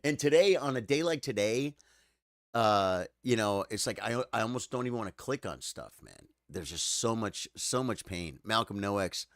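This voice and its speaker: A man chatting live with his viewers, tired and choked up, halting and repeating words as he talks. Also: lowish voice, expressive, fairly bright tone, no echo, studio quality. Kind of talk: casual live-stream chat.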